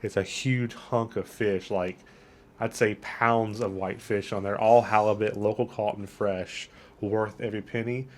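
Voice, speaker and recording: A man's voice: lowish voice, fairly even intonation, measured pace, a little mellow. A man hosting a travel vlog, talking in a chatty, enthusiastic way while walking around outdoors on a town wharf. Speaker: travel vlogger. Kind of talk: casual vlog narration.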